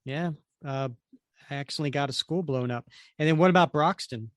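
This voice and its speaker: A man co-hosting a comic book podcast, talking casually and reading the pages aloud. His voice sits a little high for a man. The recording is dry and close to the mic. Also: a little fast, fairly bright tone, no room sound. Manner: chatty, reads comic panels aloud. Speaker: podcast co-host.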